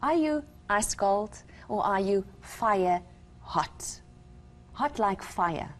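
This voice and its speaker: A woman's voice: medium pitch, expressive, extremely slow. A woman from South Africa with a South African accent, giving an earnest, emphatic testimony as a guest on a Christian talk show. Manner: earnest, emphatic, retells conversations with God.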